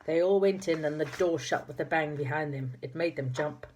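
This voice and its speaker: A woman's voice: low voice, fairly quick, darkish tone, a little hiss or hum. A woman reading a children's storybook aloud, with occasional slips and corrections. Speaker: narrator.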